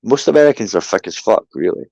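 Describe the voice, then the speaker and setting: A Scottish man needling the others with crude, teasing jabs. His pitch swoops up and down. The sound is dry and close. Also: lively intonation, quick pace, vocal fry, darkish tone, breathy edge, no echo, dull audio. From Scotland. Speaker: panel guest. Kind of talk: provocative banter.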